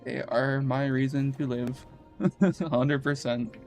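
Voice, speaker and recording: Brief groggy streamer guy, flat delivery. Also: medium pitch, slow pace, faint music behind. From Canada. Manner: rambling, slangy, laid-back. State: groggy morning voice. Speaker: game streamer. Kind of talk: casual chat while gaming.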